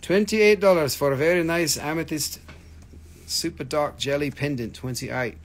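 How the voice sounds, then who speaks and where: A man's voice: on the high side, normal speed. A man running a live online gem sale, chatting casually, joking, rambling and swearing as he shows the stones. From United States. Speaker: live-stream gem seller. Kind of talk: casual live sales chat.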